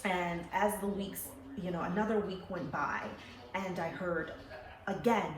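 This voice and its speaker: A young adult woman telling a personal story in a lively, animated way. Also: fairly low pitch, a little slow, a little hiss or hum. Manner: animated, laughing, acting out quoted voices. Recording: roomy echo with faint ambience.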